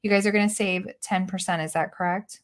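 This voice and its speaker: A woman's voice: medium pitch, fairly even intonation, brisk. Chatty laughing woman host. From Missouri, US. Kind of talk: casual live-stream chat.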